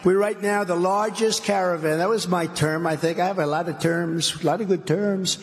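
A man gives a political speech, hammering his points with repeated phrases and boasting now and then. His voice sits a little high. A long reverb trails every line, as in a big hall. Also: steady tone, normal speed. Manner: repetitive, emphatic, boastful. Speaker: speaker.

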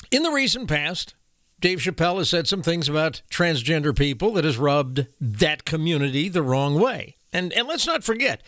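A man's voice: sits high, a bit bright, no echo, clean studio sound. Blunt, emphatic male commentary host. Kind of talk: opinion commentary.

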